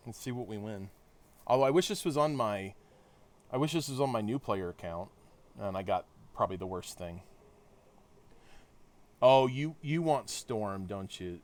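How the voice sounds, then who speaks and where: Casual game streamer, chatty, thinks out loud, lowish voice. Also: male voice. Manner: chatty, talks to chat, thinks aloud with restarts. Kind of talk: casual game livestream commentary.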